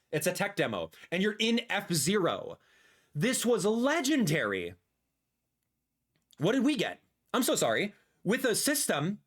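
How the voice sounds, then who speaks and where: A man in his thirties, a gaming content creator, giving excitable, ranting livestream reaction commentary. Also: high voice.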